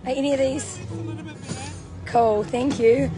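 Young Kiwi woman, bubbly and chatty, fairly high voice, phone recording outdoors with music loud behind her. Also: steady tone, slow, a crowd in the background. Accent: New Zealand. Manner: bubbly, chatty, laughs often. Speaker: vlogger. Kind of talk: walking livestream vlog. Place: outdoor protest camp. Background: music playing nearby.

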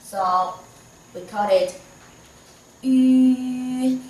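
Slow, patient Chinese-accented woman teaching. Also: medium pitch, fairly bright tone, far from the mic. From China. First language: Mandarin Chinese. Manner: patient, slow, encouraging, with modelled tones. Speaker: Mandarin teacher. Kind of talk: online language lesson. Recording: echoey room, voice slightly off-mic.

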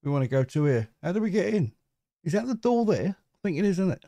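A man's voice: high voice, very animated, quick pace, mellow, dry recording. Chatty rambling man in dry audio. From England. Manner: chatty, rambling, self-mocking. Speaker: gaming channel host. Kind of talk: casual gameplay commentary.

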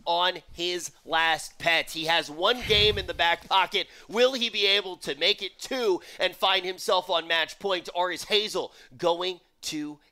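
A man's voice: high-pitched, a little slow, few pauses, bright, forceful tone. A man casting a pet battle tournament with theatrical, jokey play-by-play and dramatic flourishes. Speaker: tournament caster. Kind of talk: playful esports commentary.

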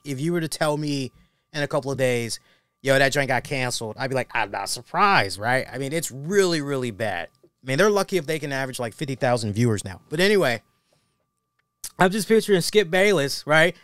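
A man's voice: medium pitch, expressive, fairly quick, fairly bright tone, smooth, no echo. A man hosting a wrestling review show, giving casual commentary in a slangy, joking way.

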